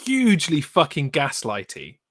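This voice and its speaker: A man's voice: a little high, wildly swooping pitch, moderate pace, fairly bright tone, no room sound, clean studio sound. A man co-hosting a casual podcast, ranting bluntly and swearing a lot. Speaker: podcast co-host.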